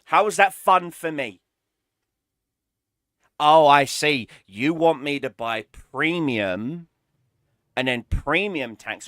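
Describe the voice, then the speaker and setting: A man's voice: a little high, animated, takes it slowly, pauses often, fairly bright tone, no room sound, studio quality. A man streaming a game, ranting in an exasperated, sarcastic way and swearing often. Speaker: gaming streamer. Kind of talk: ranting gameplay commentary.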